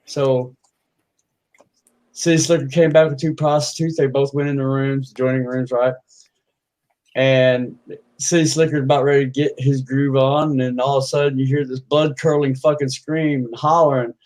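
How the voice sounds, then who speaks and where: A man's voice: medium pitch, poor audio. Casual man rambling through jokes. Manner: casual, rambling, frequent restarts. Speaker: livestream host, joke teller. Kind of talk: telling crude jokes on a livestream.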